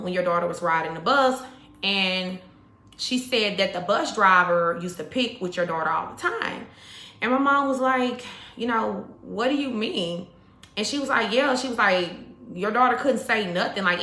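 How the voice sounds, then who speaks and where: Recorded in an echoey room, a mother and spiritual YouTuber speaks in a bright, forceful, mid-range voice. She rambles chattily through a personal story aimed straight at her viewers, addressing them as "y'all" and peppering her speech with "like" and "you know."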